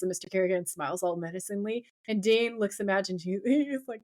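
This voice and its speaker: A woman's voice: medium pitch, a little fast, hardly any pauses. A woman co-hosting a podcast, chatting casually and animatedly as she recaps an episode and reads out quotes from her notes. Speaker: podcast co-host.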